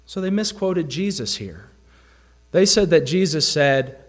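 A man's voice: on the high side, animated, slow pace. A man preaching a sermon with a Southern American accent, using rhetorical questions and emphatic repetition. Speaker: pastor.

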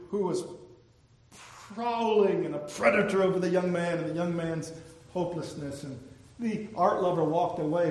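A man preaching a sermon, telling stories and breaking into loud, impassioned exclamations. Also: a little high, vocal fry.

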